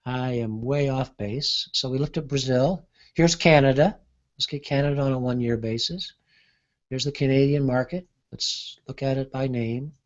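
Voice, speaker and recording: A man giving an unscripted software demonstration, thinking aloud with frequent pauses and fillers. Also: medium pitch, steady tone, lo-fi sound. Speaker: market analyst demonstrating software. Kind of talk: unscripted screen-share demo.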